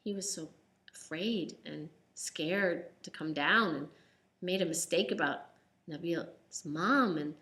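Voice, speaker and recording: A woman's voice: on the low side, slow pace, bright, forceful tone. A woman telling a children's story aloud in a casual, unscripted way, with ums and restarts.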